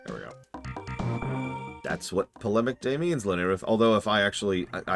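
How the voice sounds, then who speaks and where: A man's voice: on the low side, very animated, normal speed, vocal fry, long pauses, faint music behind. A man streaming live, casually answering chat questions in a rambling, self-deprecating way.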